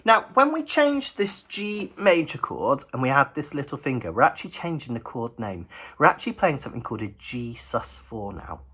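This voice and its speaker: A man's voice: medium pitch, very animated, normal speed, sharp tone, breathy edge. A man teaching a ukulele lesson in a chatty, encouraging way, counting beats aloud as he strums. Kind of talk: friendly instructional lesson. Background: his own ukulele playing.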